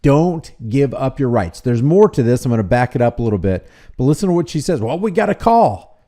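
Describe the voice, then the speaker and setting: A man narrating commentary over a video in a mellow, warm tone. His delivery is fiery and emphatic, and his pitch swings widely as he drives each point home. He sounds like a passionate preacher of rights. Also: expressive, fairly quick.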